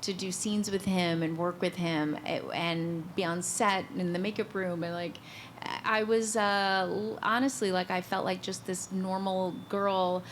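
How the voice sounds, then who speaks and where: A middle-aged woman talks in a chatty, enthusiastic way, often poking fun at herself. Her pitch sits in a middle range. A faint hum of room noise runs underneath her voice. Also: fairly even intonation, a little slow. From Georgia, US. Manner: chatty, enthusiastic, self-deprecating. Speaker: guest actor on a convention panel. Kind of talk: casual panel chat.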